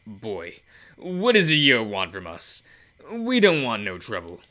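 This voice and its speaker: A man's voice: lowish voice, wildly swooping pitch, a little slow, sharp tone, full character voice. A man voicing a friendly, easygoing male biker with homespun, folksy speech.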